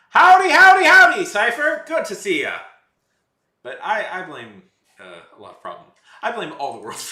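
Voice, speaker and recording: Here's a male livestreamer with a lowish, slightly bright voice, chatting casually with his live chat. He rambles, self-corrects, and makes sarcastic asides, and the recording carries a roomy echo.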